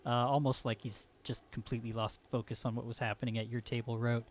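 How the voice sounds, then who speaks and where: A man's voice: medium pitch, flat delivery, quick pace. A man narrating his character's actions as a player in a tabletop game, in a casual, filler-heavy way.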